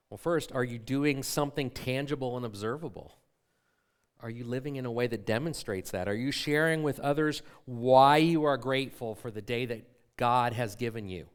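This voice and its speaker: Middle-aged male pastor, mid-pitched voice, relaxed conversational sermon delivery with rhetorical questions. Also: smooth. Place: church sanctuary.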